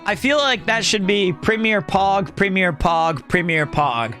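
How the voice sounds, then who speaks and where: Male streamer, high bright voice, loud and projecting, casual chat over faint music. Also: measured pace, hardly any pauses. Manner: loud, projecting, animated talker.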